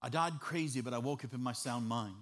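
A man from Chicago preaches his own testimony like a story told to friends. His voice sits at a middling pitch, and he keeps it conversational, with jokes and plenty of fillers along the way. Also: fairly quick. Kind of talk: testimony sermon.

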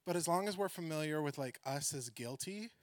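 Animated man preaching with a story. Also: fairly high pitch, a little fast, dry recording. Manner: animated storytelling, laughs often, swings from excited to hushed. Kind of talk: sermon with personal story.

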